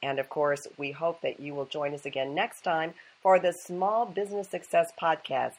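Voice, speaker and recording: A woman's voice: low-pitched, normal speed. A woman hosting a small business podcast, with a polished, upbeat presenter manner. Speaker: podcast host. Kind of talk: scripted podcast narration.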